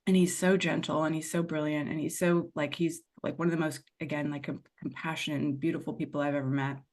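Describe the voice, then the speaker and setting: A woman's voice: sits low, fast. A woman guest on a podcast telling a personal story candidly and expressively, wandering off into side remarks as she goes. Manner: expressive, digressive storyteller who acts out her past self. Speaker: podcast guest, money mindset and tapping coach.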